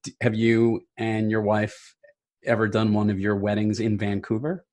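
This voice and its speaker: A man's voice: fairly low pitch, flat delivery, moderate pace, darkish tone. A man hosting a podcast who talks in an easygoing, reflective way as he interviews a guest. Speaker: podcast host. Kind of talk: relaxed interview conversation.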